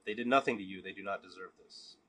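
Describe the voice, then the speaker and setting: A man's voice: sits low, quick pace, fairly bright tone. A man voicing an indignant rabbi who makes formal, insistent demands, in a spoken joke. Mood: demanding.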